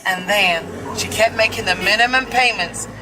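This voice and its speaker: A woman's voice: medium pitch, normal speed, a crowd in the background, low-quality recording. A woman being interviewed outdoors, speaking emphatically and piling up repeated phrases. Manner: emphatic, repetitive lists. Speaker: interviewee, movement founder. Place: outdoors, urban street with traffic. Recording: outdoor street noise.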